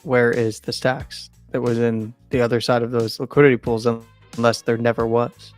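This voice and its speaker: Man, co-host, casual chat, quick quips, faint music behind. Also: medium pitch, level tone. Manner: joking, chimes in with quips.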